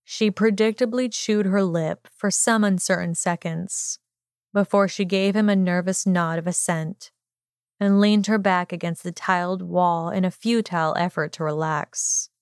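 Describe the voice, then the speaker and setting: A woman narrating a romantic fan fiction story aloud in an unhurried, measured reading. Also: on the low side, fairly even intonation, clear, resonant tone, no room sound, studio quality.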